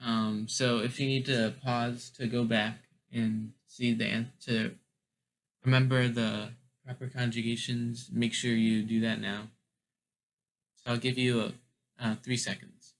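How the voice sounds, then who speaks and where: Slow-talking man teaching German grammar. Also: medium pitch, flat delivery, poor audio. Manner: slow, deliberate, many ums and restarts. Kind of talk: explaining grammar, casual lesson.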